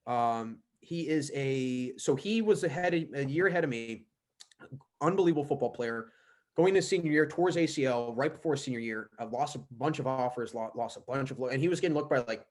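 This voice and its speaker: Young male podcast guest, mid-range voice, loose rambling delivery full of fillers. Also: medium pitch. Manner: rambling, lots of "like" and restarts. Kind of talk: casual podcast chat.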